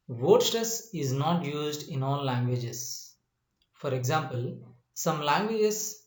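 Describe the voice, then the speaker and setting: A male English teacher giving a spoken lesson, slow and repetitive, often asking if the listener understands. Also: fairly high pitch, a little mellow, roomy sound. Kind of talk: classroom-style spoken lesson.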